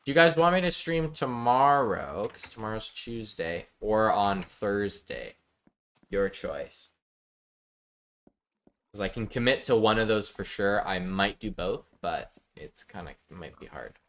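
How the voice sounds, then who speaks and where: A man's voice: on the low side, lively intonation, measured pace, fairly bright tone. A man chatting casually with his viewers while live-streaming a building game, reading out chat and joking. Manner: chatty, reads chat aloud, jokey.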